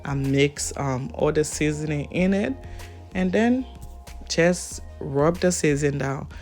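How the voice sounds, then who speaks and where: A woman's voice: low voice, takes it slowly, darkish tone, faint music behind. Chatty African-accented woman vlogger. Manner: chatty, laughs often, talks straight to the viewer. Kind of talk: casual vlog chat.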